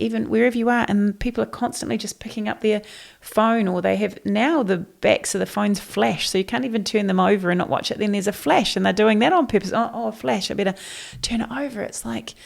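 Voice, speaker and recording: Gravelly New Zealand woman, emphatic guest. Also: medium pitch. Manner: emphatic, animated, forthright. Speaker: podcast guest, neuroscience trainer. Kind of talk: casual interview chat.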